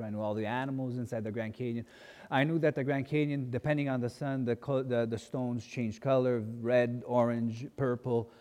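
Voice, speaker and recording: Animated male preacher in a reverberant hall. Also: mid-range voice. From grew up as a missionary kid in a mission. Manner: animated storyteller, acting out voices in quotes. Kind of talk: sermon with personal storytelling.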